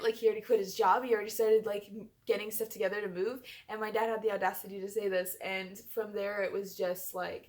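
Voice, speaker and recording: A young woman telling a personal story in a chatty vlog, full of fillers. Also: mid-range voice. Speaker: vlogger.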